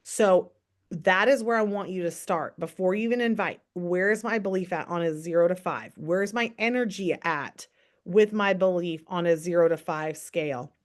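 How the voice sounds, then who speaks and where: A woman's voice: fairly low pitch, moderate pace. A woman giving a casual, upbeat sales training on a call, coaching listeners and often asking rhetorical questions. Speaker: network marketing team trainer.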